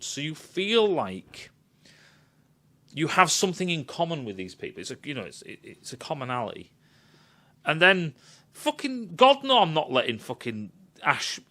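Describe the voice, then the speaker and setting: Animated, swearing man ranting. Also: fairly high pitch. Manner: animated, swears a lot, acts out quotes. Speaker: film reviewer. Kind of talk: ranting film critique.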